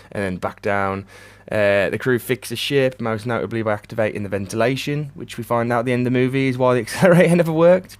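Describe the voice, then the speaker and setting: A man giving a ranting, sardonic movie review, swearing a lot and swinging between flat mutters and loud outbursts. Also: medium pitch.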